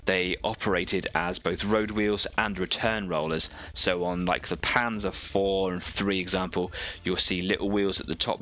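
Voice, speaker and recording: A man's voice: sits low, bright, forceful tone, slight background noise. A man hosting an online painting stream, chatting casually and explaining each step while he works on a model. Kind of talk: casual chat while working.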